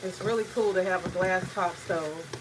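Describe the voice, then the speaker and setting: A woman's voice: lowish voice, fairly even intonation, moderate pace, recorded from a distance, very noisy. A woman in a casual cooking vlog, chatting in a rambling way and often searching for words. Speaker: home cook vlogger. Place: home kitchen. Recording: voice a bit off-mic, faint kitchen sizzle.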